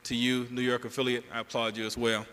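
Bright Southern man speaking in a hall. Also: medium pitch, flat delivery, fast talker, clear, resonant tone. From Georgia, US South. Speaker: national representative giving a convention address. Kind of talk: speech at a convention. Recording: long hall reverb.

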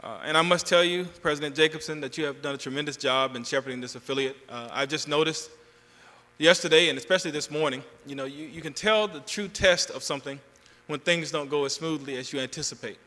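A man with a Southern US accent, from Georgia, giving an energetic convention speech with a preacherly lilt. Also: fairly high pitch, fast. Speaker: national representative giving a convention address. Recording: long hall reverb.

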